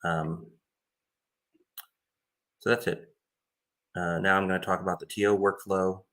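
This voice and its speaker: A man with a low voice and a bright, forceful edge gives an informal screen-share walkthrough. He talks plainly and casually as he explains how he runs a tournament. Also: flat delivery, a little slow. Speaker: tournament organizer explaining his tools.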